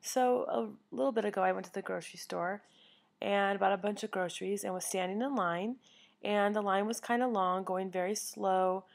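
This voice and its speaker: Chatty woman with a gravelly edge. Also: medium pitch, moderate pace. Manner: chatty, earnest, with self-corrections. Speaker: vlogger. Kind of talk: casual storytelling to camera. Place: home living room by a fireplace.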